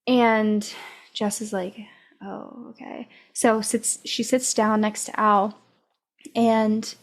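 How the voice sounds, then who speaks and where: Woman host, unhurried book recap, mid pitch, lots of ums and likes. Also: level tone. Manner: unhurried retelling with many fillers. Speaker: podcast host. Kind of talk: casual book discussion.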